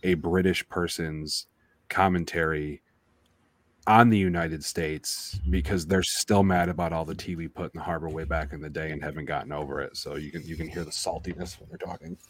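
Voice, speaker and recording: Deep-voiced male podcast co-host, loose and profane, rambling jokey delivery. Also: normal speed. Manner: rambling, profane, joking, with frequent restarts. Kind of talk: casual chat.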